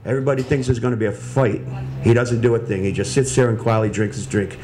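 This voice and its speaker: A man telling jokes on a comedy panel, animated and acting out the voices. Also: medium pitch, fast talker, slight background noise. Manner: animated storyteller, acts out voices. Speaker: joke-off contestant.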